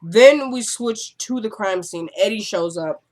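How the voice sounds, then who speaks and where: Her voice is medium in pitch and a little mellow as she casually recaps a TV episode. She acts out the characters' dialogue in brief quotes and adds exasperated remarks along the way.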